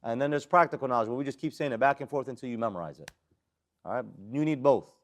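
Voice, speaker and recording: A man's voice: mid-range voice, lively intonation, fast talker. Man drilling a tajweed class. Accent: American English. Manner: drills students with call-and-response questions; recites Arabic letters and verses. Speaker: Quran tajweed teacher. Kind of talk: live classroom lesson.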